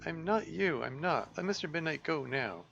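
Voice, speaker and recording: A frightened little girl pleads in a high, earnest voice, as a man puts her on. The voice is bright and a little gravelly. The recording is slightly dull, with faint game music behind it. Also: animated, moderate pace, slight background noise. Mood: pleading. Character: frightened young girl, timid and sweet.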